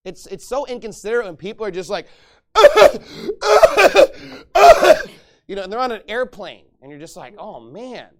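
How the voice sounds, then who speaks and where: A middle-aged man preaching a sermon as pastor, lively and conversational, acting out quoted voices and laughing now and then. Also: high-pitched, very fast, hardly any pauses.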